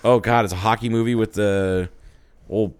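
Ohio guy on a podcast, low smooth voice, rambly, swears, lots of restarts. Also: fairly even intonation, normal speed. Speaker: podcast co-host. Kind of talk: casual chat.

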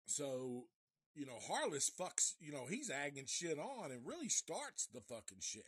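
A man's voice: a little high, big pitch swings, unhurried, a bit bright, husky, no echo, studio quality. A man recapping a film in a casual live review, profane and rambling with many restarts.

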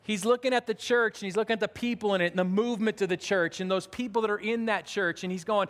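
A man's voice: high-pitched, fairly even intonation, fast, few pauses, a bit bright. A man, a pastor, preaching a conversational sermon in a church, with earnest talk and frequent restarts. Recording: long hall reverb.

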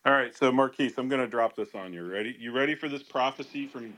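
A man's voice: mid-range voice, quick pace, fairly bright tone, no room sound. A middle-aged man hosting a casual podcast chat, sarcastic and jokey. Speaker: podcast host.

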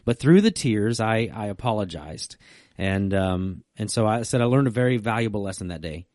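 A middle-aged man, a pastor co-hosting a podcast, chatting casually and telling stories in a relaxed way. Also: lowish voice, normal speed, no room sound, studio quality. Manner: storytelling, relaxed and conversational. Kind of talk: casual chat.

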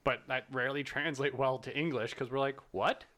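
A man co-hosting a casual film podcast, talking in an animated, playful way and laughing often. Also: medium pitch, fairly quick. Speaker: podcast co-host. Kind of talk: casual chat.

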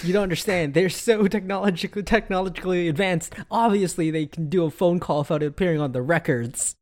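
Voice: medium pitch, fairly quick, a little mellow. A player in a tabletop game chat making sarcastic quips and laughing often.

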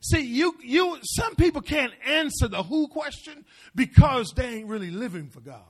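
High-voiced preacher man, slow and lively. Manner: preacherly, repeats phrases, swings from hushed to shouting. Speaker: pastor. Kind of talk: sermon.

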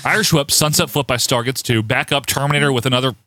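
A man's voice: mid-range voice, fast, sharp tone. A man co-hosting a podcast, recapping an old wrestling show with sarcastic, swearing commentary. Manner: sarcastic, swears, laughs often. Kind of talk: casual comedic commentary.

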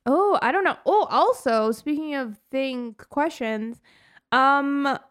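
A woman's voice: sits high, takes it slowly, fairly bright tone. A woman co-hosting a casual movie-review podcast, chatting easily and laughing often as she talks. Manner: giggly, laughs often mid-sentence. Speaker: podcast co-host.

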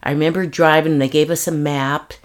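An older woman telling her personal story in an interview, earnest and halting, often restarting her sentences. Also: low-pitched, steady tone.

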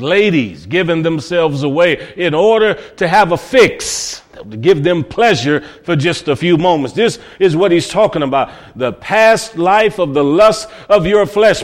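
A man from Cleveland, Ohio, preaching a sermon with folksy stories, swinging between loud cries and low murmurs. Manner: folksy storytelling.

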